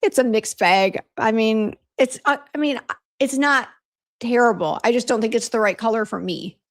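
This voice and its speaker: A woman with a fairly high-pitched voice speaks at normal speed. She hosts a casual beauty livestream for a brand, venting, chatting, and reading out what viewers comment.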